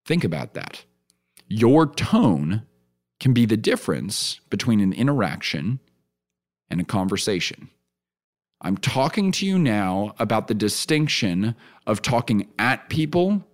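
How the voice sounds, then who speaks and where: A man at a middle pitch, hosting a solo podcast in an earnest, teaching tone. He repeats key phrases for emphasis and drops in a conversational "right?" now and then. When he acts out examples he turns lively and laughs easily. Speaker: podcast host.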